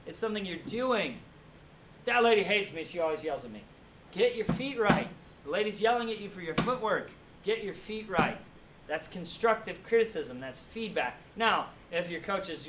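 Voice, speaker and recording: A man with a fairly high voice lectures to a classroom and keeps asking "right?" to check that his listeners follow. He sounds far from the mic in an echoey room, with faint noise underneath. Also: fairly bright tone. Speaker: teacher.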